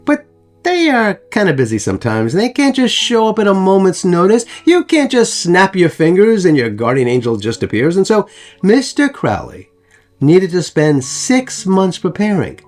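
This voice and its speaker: A man's voice: high-pitched, huge pitch swings, moderate pace, soft background music. A man hosting a history channel, narrating over photos in a chatty way with joking asides to the viewers.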